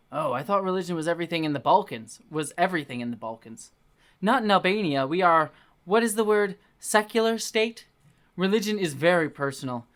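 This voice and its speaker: A man voicing an earnest young foreign woman who speaks in careful, halting sentences. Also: high-pitched, fairly bright tone.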